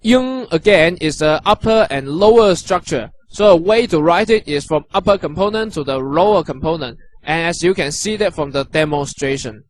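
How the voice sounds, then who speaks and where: Man, language teacher, high voice, slow, encouraging, dry close recording. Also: animated, no room sound. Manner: patient, encouraging, repeats sounds slowly. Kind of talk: instructional narration.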